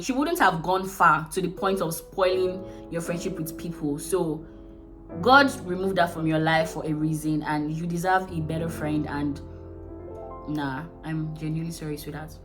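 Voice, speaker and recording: A woman with a Nigerian accent vlogging to camera, consoling viewers in a frank, caring way and calling them sweetheart. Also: on the low side. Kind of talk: casual talk to camera.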